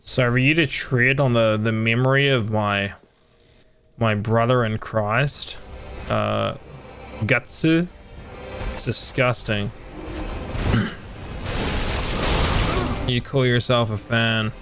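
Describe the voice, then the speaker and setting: Over music, a young man talks slowly in a medium-pitched, steady voice, pausing often. He's streaming a video game with friends and chatting casually, joking, teasing and swearing freely.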